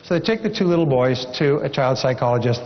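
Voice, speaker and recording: A man's voice: medium pitch, animated, fast talker, a little hiss or hum. A man giving a motivational seminar speech, encouraging and repetitive, telling a story to drive home his point. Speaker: seminar speaker. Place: large seminar hall. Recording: dull lo-fi recording with long hall reverb.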